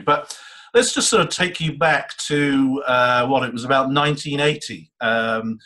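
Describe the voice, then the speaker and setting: A man, hosting an interview with a polished, welcoming delivery. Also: medium pitch. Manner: warm, polished presenter delivery. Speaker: host.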